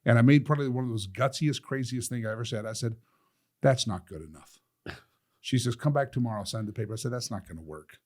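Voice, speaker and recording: A middle-aged man in a sit-down talk, telling a personal story with animated quoting of other people. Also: fast. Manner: lively, quotes others with changes of pitch and loudness, laughs often. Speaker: guest telling his story.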